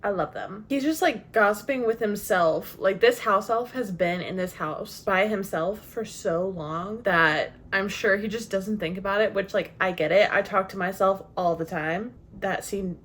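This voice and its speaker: A woman's voice: mid-range voice, a little slow, few pauses, slight background noise. A young woman vlogging casually about a book she is reading, chatty and self-mocking, often laughing. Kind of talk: casual chat to camera.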